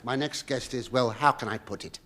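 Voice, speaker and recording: A man's voice: medium pitch, brisk. A man hosting a live radio comedy show on a theatre stage, out of breath, flustered and camp, pleading with the audience. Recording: 1970s radio broadcast, loud audience laughter.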